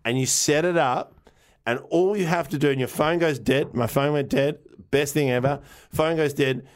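A man's voice: on the high side, normal speed. A man co-hosting a casual chat, telling rambling stories with lots of restarts, laughs and casual swearing. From Australia. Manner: rambling storyteller, restarts sentences, laughs often. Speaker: podcast co-host.

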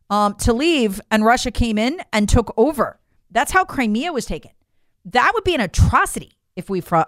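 A woman's voice: on the high side, fairly bright tone, no echo, clean studio sound. A woman delivering an emphatic, incredulous political opinion monologue straight to her viewers. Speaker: political commentator.

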